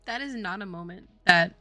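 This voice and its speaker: A woman game developer streams her work and chats casually, her voice fairly high with a sharp tone. She tells a rambling story packed with "like" and frequent laughter.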